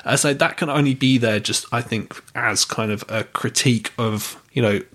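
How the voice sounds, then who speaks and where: A man's voice: mid-range voice, moderate pace, a bit bright. A man hosting a podcast, talking casually about a film with lots of fillers and restarts. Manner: hesitant, many fillers and restarts. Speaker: podcast host.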